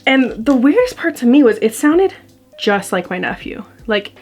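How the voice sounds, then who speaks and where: A woman's voice: a little high, sing-song, moderate pace, soft background music. A young adult woman telling a ghost story to her camera in a casual, rambling way, full of fillers. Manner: chatty, rambling, heavy use of "like". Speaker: vlogger. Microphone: camera mic.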